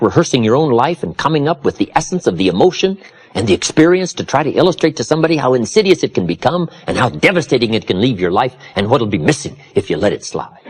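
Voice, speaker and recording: Male motivational speaker, husky, very animated pitch, preacherly emphasis. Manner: preacherly, dramatic swings from low confiding to loud emphatic. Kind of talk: motivational seminar talk.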